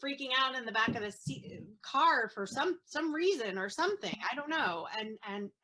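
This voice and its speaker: A woman speaking as an interview guest, an earnest mother talking in a halting way with many fillers and restarts. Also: high voice, expressive, bright, forceful tone, poor audio. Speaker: guest, autism mom. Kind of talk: casual interview chat.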